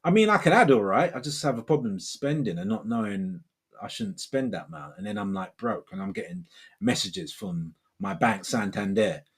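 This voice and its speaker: A man's voice: fairly low pitch, animated, moderate pace, breathy edge. A man in his forties hosting a livestream, chatting casually and reading viewer comments in a rambling, laid-back way, saying "man" and "bro" often. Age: 40s. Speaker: livestream host.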